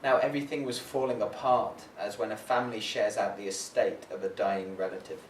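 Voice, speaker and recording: A man introducing and reading a collaborative poem at a live reading, in a measured way with hesitant fillers. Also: lowish voice, fairly even intonation, a little hiss or hum. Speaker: performing poet. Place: library reading room. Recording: echoey room, voice from far off.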